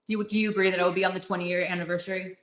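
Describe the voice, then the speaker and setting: A woman's voice: on the low side, flat delivery, racing, fairly bright tone, roomy sound, poor audio. A woman co-hosting a fan podcast, chatting casually and gushing with lots of fillers and restarts. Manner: gushing, rambling with many fillers. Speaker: podcast co-host.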